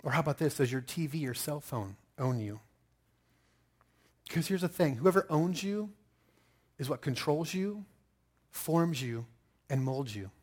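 A middle-aged man preaching a sermon, telling stories with lively bursts of loud emphasis. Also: mid-range voice. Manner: animated storytelling with sudden loud outbursts. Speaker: pastor.

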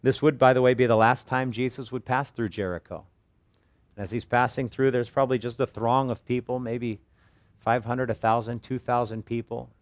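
A man preaching as a pastor, teaching verse by verse and retelling the story with earnest, animated delivery. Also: mid-range voice, moderate pace, dry recording. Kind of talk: expository Bible teaching.

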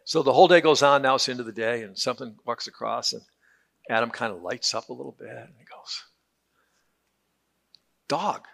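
A man's voice: medium pitch, fast talker, creaky, a bit bright. A man teaching a Bible class in a conversational, joking way, often repeating words as he restarts.

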